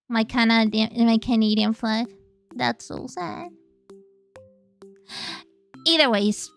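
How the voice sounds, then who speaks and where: A woman's voice: on the high side, clear, resonant tone. A woman streamer who speaks natively, chatting casually and playfully on a live stream, swearing freely as she goes.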